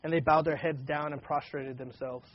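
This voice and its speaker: A man's voice: on the high side, moderate pace. Man teaching Scripture on lo-fi audio. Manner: casual, animated retelling with frequent restarts. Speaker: pastor. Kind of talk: Bible teaching, reading and commenting.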